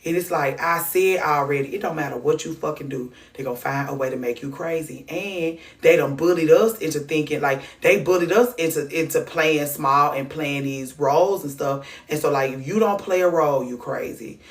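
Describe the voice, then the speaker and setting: A woman's voice: low-pitched, normal speed, few pauses, recorded from a distance. A woman hosting a casual livestream, talking candidly and profanely, rambling and restarting her sentences. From Atlanta. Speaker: livestream host. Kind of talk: casual livestream chat reacting to clips and comments.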